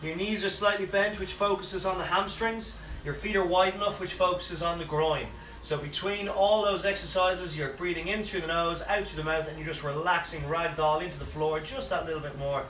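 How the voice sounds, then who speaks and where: A man, out of breath, leading a live workout with energetic cues and chatty asides. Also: a little high, normal speed, hardly any pauses, a little hiss or hum. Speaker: fitness coach. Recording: echoey room, mic at a distance, faint music.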